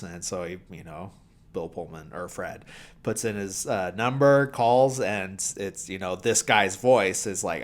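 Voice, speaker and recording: A podcast host retells a film scene in a low-pitched, unhurried voice. His casual recap rambles loosely, heavy on "like" and "you know," with dry humour throughout.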